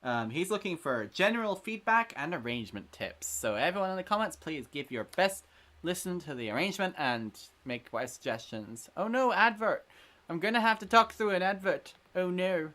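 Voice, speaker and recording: A man's voice: high-pitched, big pitch swings, normal speed, bright, forceful tone. A man hosting a casual livestream, chatty and self-deprecating. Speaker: stream host.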